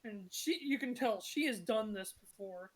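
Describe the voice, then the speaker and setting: Chatty woman game master, high voice. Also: lively intonation, normal speed. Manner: chatty, apologetic, many fillers. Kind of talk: narrating a tabletop game session.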